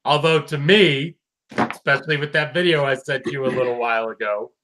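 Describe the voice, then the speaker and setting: A man's voice: mid-range voice, brisk, slight background noise. A man chatting casually while reviewing a cartoon episode, acting out lines and swearing freely. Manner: animated, swears, acts out lines.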